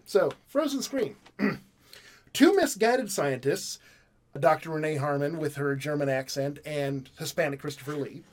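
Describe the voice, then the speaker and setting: A man's voice: a little high, expressive, unhurried. A man hosting a casual movie review chat, joking and swearing while he reads from the box. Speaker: podcast host.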